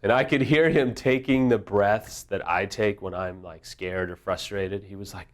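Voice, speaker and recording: A man's voice: on the low side, steady tone, moderate pace. A middle-aged man giving a candid, self-deprecating talk on recovery, mixing humor with open vulnerability. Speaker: affair recovery speaker. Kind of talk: candid casual teaching talk.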